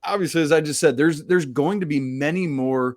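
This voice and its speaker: A man's voice: fairly high pitch, fairly quick, a little mellow. Chatty laughing sports podcast man. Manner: chatty, self-deprecating, laughs often. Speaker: podcast co-host. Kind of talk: casual sports talk.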